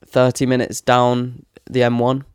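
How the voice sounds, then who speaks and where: A man's voice: mid-range voice, monotone, unhurried, clear, resonant tone, no echo, studio quality. A young man with a Leicester accent, co-hosting a podcast and joking through casual banter. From England. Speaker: podcast co-host. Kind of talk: casual chat.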